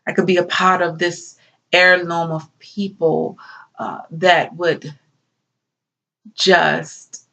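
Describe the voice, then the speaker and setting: A woman performing a dramatic biblical monologue as a grieving young wife and mother who talks slowly, softly and tearfully. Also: lowish voice, level tone, creaky, exaggerated voice. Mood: sorrowful. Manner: slow, soft-spoken, tearful. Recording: dull lo-fi recording.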